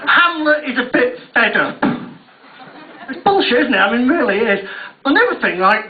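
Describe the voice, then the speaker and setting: A man's voice: very high-pitched, very animated, normal speed, pauses often, slight background noise. A young man doing a stand-up comedy routine on stage at a university, sweary and self-mocking about his own nerves. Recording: tinny, distant, echoey live recording.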